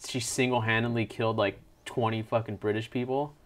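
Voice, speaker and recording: A man co-hosting a casual movie review, blunt and animated, swearing freely. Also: fairly low pitch, brisk. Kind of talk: casual chat.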